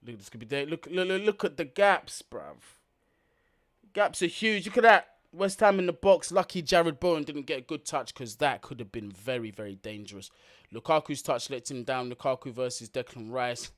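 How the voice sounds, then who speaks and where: A man's voice: mid-range voice, lively intonation, normal speed, fairly bright tone. A man hosting a football watch-along, giving blunt, slangy live commentary, swearing freely and talking straight to his viewers.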